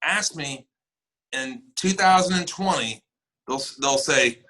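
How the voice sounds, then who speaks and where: A man's voice: on the high side, slow pace, rough recording. A man from the northern United States, a guest on a podcast, chatting casually and acting out quoted exchanges as he tells stories. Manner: animated storyteller, acts out quoted exchanges. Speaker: podcast guest, military servicemember and actor. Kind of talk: casual chat.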